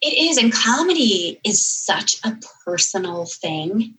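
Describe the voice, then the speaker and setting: Woman, podcast guest, animated storyteller, slightly distant mic. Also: mid-range voice, unhurried. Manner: animated, lots of "like" and "you know". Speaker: guest, comedy author.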